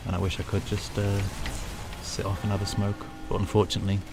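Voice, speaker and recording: Deep-voiced northern English man streaming. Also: monotone, fast, vocal fry, over music. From northern England. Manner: rambling and chatty, greets chat, swears casually. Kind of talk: casual livestream chat while gaming.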